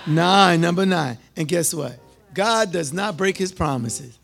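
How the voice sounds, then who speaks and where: A man preaching a sermon, calling out to the congregation and repeating lines, moving from loud cries to hushed tones. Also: high-pitched, animated, a little slow, vocal fry, faint music behind. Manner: call-and-response, repetitive, swings from loud to hushed.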